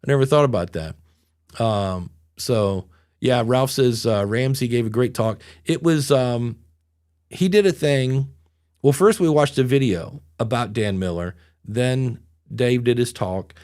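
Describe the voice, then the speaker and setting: A man's voice: medium pitch, a little slow, a little mellow. A middle-aged man hosting a podcast, telling stories in a rambling, self-deprecating way. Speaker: podcast host. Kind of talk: casual podcast chat.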